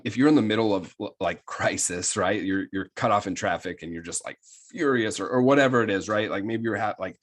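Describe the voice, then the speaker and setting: A man coaching on self-sabotage in a casual, rambling talk full of fillers and "right?" checks, sometimes coarse and plain-spoken. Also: low-pitched. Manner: rambling, many fillers and tag questions.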